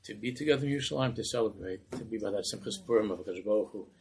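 A man telling a Hasidic story as a sermon, animated and acting out the voices. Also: lowish voice, rapid-fire, breathy edge, low-quality recording.

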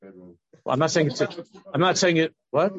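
Gravelly older man giving an informal talk. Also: on the high side, big pitch swings, normal speed, lo-fi sound, a crowd in the background. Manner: rambling, with many restarts and asides.

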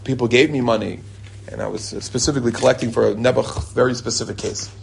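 A man telling lively stories to a group and weaving in religious teaching, often jumping into a high excited voice when he quotes people. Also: quick pace, vocal fry, slight background noise. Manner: animated storyteller, jumps to a high excited voice when quoting people; chuckles and restarts mid-sentence. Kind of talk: storytelling talk with religious teaching. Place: lives in Israel.

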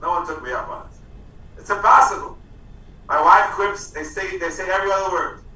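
A man giving an informal talk to students, animated, telling stories and slowing down for emphasis. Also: high-pitched. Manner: animated storytelling, stresses words and slows for emphasis. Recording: echoey hall from far off, dull lo-fi.

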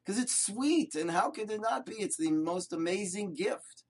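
An older rabbi teaches Torah with a husky, fairly high voice. He tells his stories with animation, fires off rhetorical questions, and hammers home short repeated phrases. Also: expressive, moderate pace. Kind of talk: Torah lesson.

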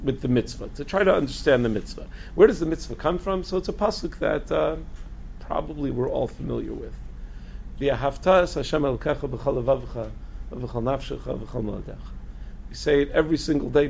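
A man's voice: medium pitch, creaky, a little mellow, lo-fi sound, a little hiss or hum. A man teaching as a rabbi in a lecture. He quizzes the audience with questions and answers them himself, often restarting and repeating words. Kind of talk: Torah lecture to a group.

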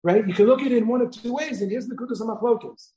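A man's voice: very high-pitched, racing, warm tone, low-quality recording. A middle-aged man teaching a Torah class to students, conversational, asking "right?" again and again, telling stories from home and mixing Hebrew and Yiddish terms into his English. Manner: conversational, asks "right?" often, tells personal stories.

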